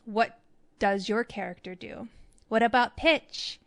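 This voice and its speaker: A woman hosting an acting advice show, talking in a chatty, animated way. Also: sits high, moderate pace. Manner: chatty, animated, demonstrates voices. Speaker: podcast host.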